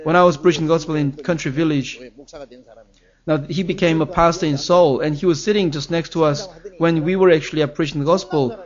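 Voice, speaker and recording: Male pastor, sermon, earnest, emphatic rises, slightly high voice, dull lo-fi recording. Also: steady tone, a little fast.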